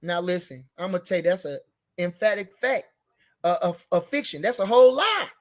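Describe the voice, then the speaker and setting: A man's voice: high voice, lively intonation, brisk. Rambling heated man talking boxing. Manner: rambling, repeats himself, gets heated and emphatic. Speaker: boxing commentary show host. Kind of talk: casual unscripted boxing talk.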